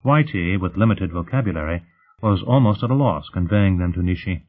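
A man reading a novel aloud in an even, measured narration. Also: sits low. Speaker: audiobook narrator. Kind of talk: scripted narration. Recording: tinny phone-like sound.

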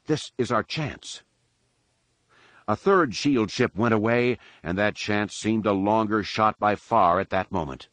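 A man giving a measured, dramatic audiobook narration of an action story. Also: fairly low pitch, fairly bright tone, no echo. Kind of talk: scripted narration.

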